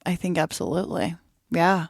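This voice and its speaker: A woman podcast guest talks candidly, lively and quick to act out her own inner thoughts. Her voice sits on the lower side for a woman. The sound is dry and close, with no room echo. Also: vocal fry, breathy edge. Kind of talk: candid conversational interview.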